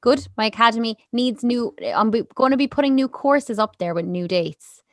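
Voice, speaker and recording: A woman's voice: fairly high pitch, no echo. Chatty young Irish woman podcaster. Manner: chatty, many fillers and quick laughs. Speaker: podcast co-host. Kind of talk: casual chat. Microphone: podcast mic.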